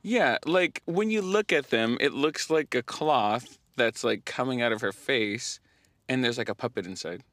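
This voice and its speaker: A young man hosting a podcast, telling a story in casual chat, animated, often laughing and using lots of fillers. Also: medium pitch, moderate pace, no room sound. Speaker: podcast host.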